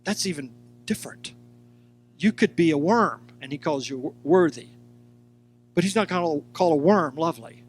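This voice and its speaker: A man teaching a sermon in a high, lifted voice. He is animated, acts out the lines he quotes, and turns to talk straight to his listeners. Soft music sits faintly underneath. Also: normal speed, pauses often. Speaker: Bible teacher.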